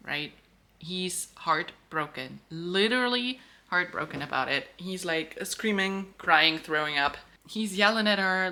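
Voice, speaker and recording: Woman ranting casually about a book, bright edgy voice, low-ish pitch. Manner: animated, outspoken, swears freely. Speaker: book vlogger. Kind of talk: casual reading reaction.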